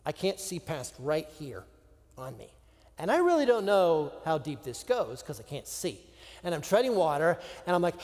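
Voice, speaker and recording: A man's voice: high-pitched, normal speed. A middle-aged man from Florida preaching a sermon, telling a personal story and acting out his own panicked thoughts. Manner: animated, acts out his own panic in quoted asides. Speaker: pastor. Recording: long reverb of a large hall.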